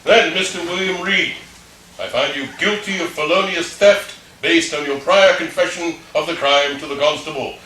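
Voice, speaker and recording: A man's voice: on the high side, bright, forceful tone. A man reading a stern court judge. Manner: formal, measured questioning. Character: stern male judge passing sentence. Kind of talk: table-read drama. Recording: echoey room, mic far off, faint noise.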